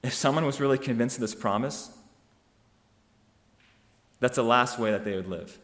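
A man delivers a sermon in a church hall, and a long reverb trails behind his words. His voice sits at an ordinary middle pitch. He preaches emphatically, asking rhetorical questions that climb to loud peaks. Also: moderate pace.

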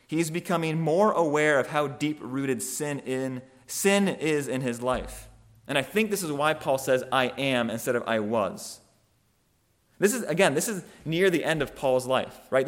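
Male preacher, mid-range voice, reflective sermon delivery with deliberate emphatic pauses. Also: mid-range voice, a bit bright. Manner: thoughtful, measured, with frequent restarts and emphatic slowing.

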